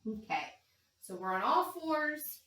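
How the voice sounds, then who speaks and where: A woman with a slightly high voice guides young children through yoga poses at an unhurried pace. She is playful and encouraging, breaking into animal sounds. Her voice comes from a distance and rings in a very echoey room. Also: sing-song, fairly bright tone. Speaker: kids yoga instructor. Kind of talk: guided kids yoga class.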